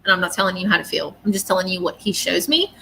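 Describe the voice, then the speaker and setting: A woman's voice: on the low side, lively intonation, fast, creaky, bright, forceful tone, slight background noise. A woman giving a live psychic reading at home, talking earnestly and casually with lots of fillers and check-ins. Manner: chatty and earnest, many fillers and "okay?". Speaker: psychic medium.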